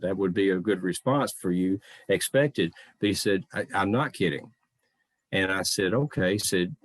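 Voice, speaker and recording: A man's voice: low voice, normal speed, no echo. A middle-aged man giving a storytelling talk as a living historian, folksy and anecdotal, often quoting what others said to him.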